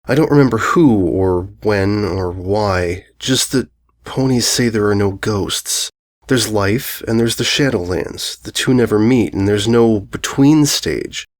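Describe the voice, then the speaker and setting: A man narrating a first-person ghost story aloud, in a brooding, unhurried, musing way. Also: on the low side. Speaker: audiobook narrator.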